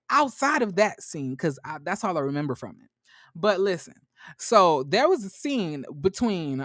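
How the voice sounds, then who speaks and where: A man's voice: no echo, studio quality. Sassy, blunt man ranting casually. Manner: sassy, blunt and profane, with filler-heavy rambling; voice jumps high and loud when riled. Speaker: commentary vlogger. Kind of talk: casual reality TV recap commentary.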